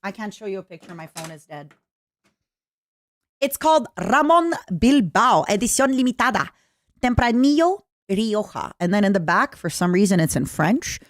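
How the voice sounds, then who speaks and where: A young woman with a Canadian accent chatting casually with her stream viewers, jokey and full of quick asides. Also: mid-range voice, sing-song, no room sound. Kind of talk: casual livestream chat.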